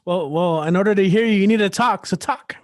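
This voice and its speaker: A man with a slightly high voice hosts an open mic livestream from his home, recorded close and dry on a computer mic. He delivers rhythmic, wordplay-packed spoken word poetry and then chats and teases playfully. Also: fast talker, darkish tone, dry recording. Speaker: open mic host and poet.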